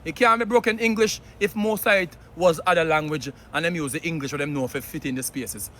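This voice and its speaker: Emphatic Jamaican man, bright voice. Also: a little high, fast talker. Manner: earnest, emphatic, mixing patois into English. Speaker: commentator. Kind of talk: opinion commentary.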